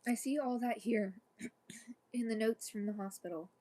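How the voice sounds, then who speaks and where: Calm, kind female doctor, read softly by a woman storyteller; warm low-key tone. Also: unhurried. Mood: gentle. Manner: gentle, reassuring, softly spoken.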